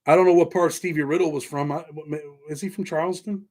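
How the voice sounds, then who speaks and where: Slightly high-voiced Southern-tinged man, rambling. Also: brisk, darkish tone. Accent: Southern-tinged American. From New York. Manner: loose and rambling, thanks viewers by name. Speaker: host. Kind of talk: casual livestream chat answering viewers.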